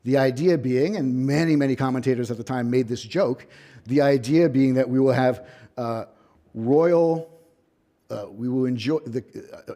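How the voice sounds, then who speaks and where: A man lecturing in a hall as a visiting professor, his voice mellow and warm in tone. He talks through history like a story, leaning on key words and slipping in dry, wry asides. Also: mid-range voice. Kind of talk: academic lecture.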